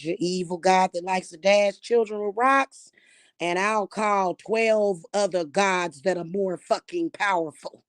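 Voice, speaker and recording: A woman rants to camera, cursing and hurling insults that swell into shouts. Her delivery is slow and drawn out. The sound is close and dry, with no room around it. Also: mid-range voice, steady tone, no echo. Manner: profane, shouting at times, repeating insults. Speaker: spiritual vlogger. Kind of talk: angry rant to camera.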